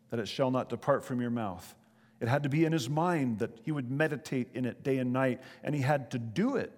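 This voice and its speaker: Guy preaching a sermon, earnest, slow scripture reading, reverby hall sound. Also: mid-range voice, a little mellow. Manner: earnest preaching, reads scripture aloud slowly. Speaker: pastor.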